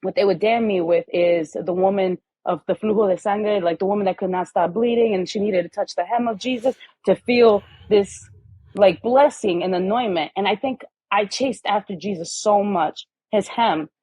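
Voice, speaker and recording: A woman's voice: medium pitch, normal speed, warm tone, husky, dry recording, poor audio. A woman guest on a podcast in casual conversation, telling stories animatedly and acting out the voices of the people in them.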